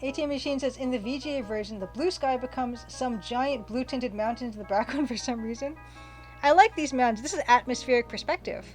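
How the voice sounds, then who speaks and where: Woman with a higher voice streaming an old game, chatty, reads out chat, faint game music behind. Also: brisk. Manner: chatty, reads viewer comments aloud and gushes over pixel art. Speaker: streamer playing a retro game. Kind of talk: casual live-stream commentary.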